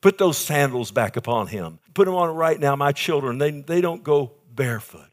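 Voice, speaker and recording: A man's voice: expressive, normal speed. Male pastor, dramatic sermon delivery with big swings in volume. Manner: preaching with dramatic swings in volume and pitch, calling for amens.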